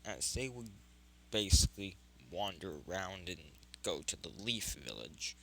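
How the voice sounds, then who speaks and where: A man telling a fan story in a slow, unhurried way, his voice low yet bright. He rambles, stops to correct himself, and carries on. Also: very animated, gravelly, a little hiss or hum, rough recording. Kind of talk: improvised fan story narration.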